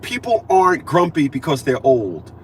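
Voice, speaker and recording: A man's voice: fairly high pitch, very animated, moderate pace, slight background noise. A man in his fifties talking in a casual monologue, emphatic and repetitive, acting out conversations he had. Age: 50s. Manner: emphatic, repeats himself, acts out conversations. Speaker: vlogger.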